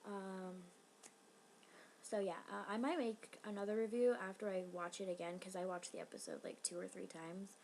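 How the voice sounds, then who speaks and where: A woman reviewing a TV episode in a casual vlog, rambling and excitable, full of fillers. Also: mid-range voice, moderate pace, vocal fry, slight background noise, low-quality recording.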